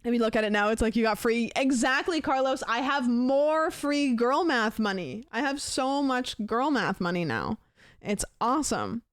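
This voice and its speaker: A woman's voice: a little high, animated, normal speed, dry recording, clean studio sound. A young woman streaming, telling a long story in casual chat and acting out both sides of a phone call. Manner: rambling storyteller, acts out both sides of a conversation.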